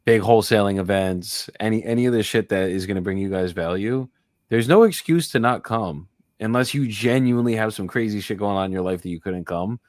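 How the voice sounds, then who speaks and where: A young man hosting a casual livestream chat, excitable and joking, swearing casually as he talks. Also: on the low side, brisk, no room sound, clean studio sound. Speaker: livestream host.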